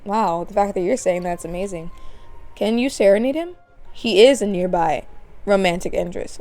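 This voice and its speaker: Young woman, chatty game commentary, giggly, mellow voice, faint music behind. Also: medium pitch, moderate pace. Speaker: gaming channel host. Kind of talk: let's play commentary. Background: faint background music.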